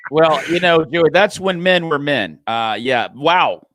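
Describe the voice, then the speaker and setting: A man hosting an interview, responding with quick words of approval and agreement. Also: fairly high pitch, lively intonation, fairly bright tone, slight background noise. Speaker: show host. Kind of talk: interview chat.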